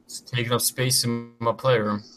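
A man's voice: medium pitch, flat delivery, normal speed, over music, poor audio. A man talking casually on a laggy video call, chatty and prone to trailing off and restarting. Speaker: podcast co-host. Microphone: home mic on a laggy video call.

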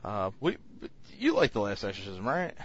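A man's voice: lowish voice, huge pitch swings, normal speed, slightly rough, dull audio. A man co-hosting a casual podcast chat, reviewing films in a rambling way with many fillers and restarts.

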